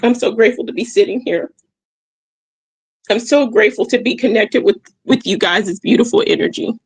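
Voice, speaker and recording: A woman's voice: fairly high pitch, moderate pace, slightly rough, no echo. A woman hosting a motivational livestream. She repeats her key phrases and keeps checking in with her listeners. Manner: addresses listeners warmly as "y'all". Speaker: livestream host. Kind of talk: motivational reflection talk. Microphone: streaming mic.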